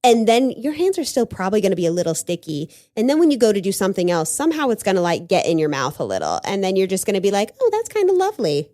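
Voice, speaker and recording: A woman's voice: mid-range voice, sing-song, fast talker, hardly any pauses, mellow, dry recording, studio quality. A young woman from the United States co-hosting a podcast in casual chat, telling stories animatedly and laughing easily. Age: young adult. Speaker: podcast co-host.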